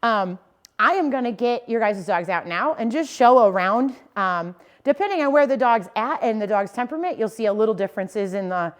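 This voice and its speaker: A young adult woman teaching dog owners in an easygoing, conversational way. She explains each step plainly and keeps checking that her listeners follow. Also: mid-range voice. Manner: casual and explanatory, often checking in with "okay?" and "right?". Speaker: dog trainer. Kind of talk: instructional talk to dog owners.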